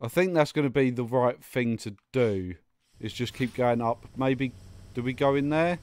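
A young man talks his way through a video game on a close microphone, the sound dry with no room around it. His voice sits at a middle pitch, and he swings between muttering to himself and exasperated outbursts at the game. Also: normal speed, darkish tone, no room sound. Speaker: gaming YouTuber. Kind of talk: let's play commentary.

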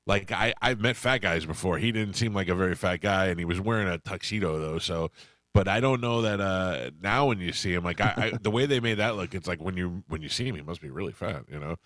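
A man's voice: sits low, fairly quick, fairly bright tone, no room sound. A middle-aged man hosting a radio show, telling rambling anecdotes and acting out the people in them. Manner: rambling anecdotes, acts out quoted voices. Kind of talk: casual storytelling chat.

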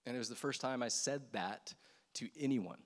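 A man in his thirties giving an earnest, reflective personal testimony on a church stage, speaking with soft pauses. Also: mid-range voice. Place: large hall with stage. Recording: long hall reverb.

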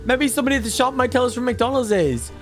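Man playing a greedy little toddler, very high squeaky voice, game music faint underneath. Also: fast. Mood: excited. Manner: high babyish voice, excitable gaming chatter. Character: mischievous toddler boy, excitable and greedy. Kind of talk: gameplay commentary in character.

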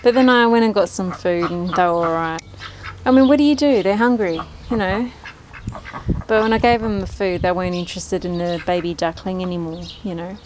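A woman's voice: on the low side, brisk, noisy background. A woman, chatting casually and rambling in her backyard, often laughing. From Australia. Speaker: vlogger. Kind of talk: casual chat. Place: backyard with ducks and birds, outdoors. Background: birds and ducks.

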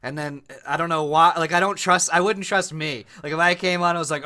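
A bright, forward-voiced man chats loosely and laughs often, with a pitch a touch above average. His talk is animated and jokey. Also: a little fast, few pauses. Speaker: podcast co-host. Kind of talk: casual chat.

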